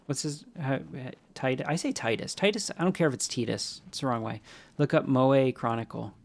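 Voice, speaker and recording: A man's voice: medium pitch, lively intonation, brisk. A man streaming a video game, rambling casually, answering chat, and making jokey asides, with a stuffy nose from allergies. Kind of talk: casual live-stream chat while playing.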